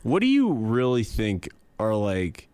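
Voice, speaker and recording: A man's voice: lowish voice, huge pitch swings, slow, a little mellow, clean tone, dry recording. Easy-laughing man, dry close sound. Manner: laughs easily, joking back. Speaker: podcast co-host. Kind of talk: casual chat.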